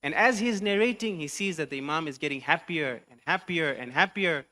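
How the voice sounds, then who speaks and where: A man's voice: a little high, fairly quick, sharp tone. A man preacher telling a story in a sermon, mixing English narration with recited Arabic phrases. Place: mosque hall.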